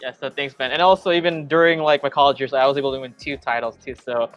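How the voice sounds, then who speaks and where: Relaxed male co-host chatting. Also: mid-range voice, quick pace, smooth, lo-fi sound, faint music behind. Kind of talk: casual interview chat.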